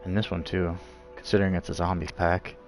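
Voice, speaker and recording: Male game streamer, low voice, rambling profane banter. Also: flat delivery, a little fast, faint music behind. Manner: rambling, profane, self-mocking. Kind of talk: casual livestream chat.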